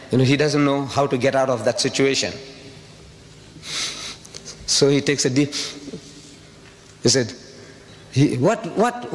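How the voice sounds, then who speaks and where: A man from South Africa giving a public lecture, talking emphatically with repeated rhetorical questions. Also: medium pitch. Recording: reverberant hall with faint ambient noise.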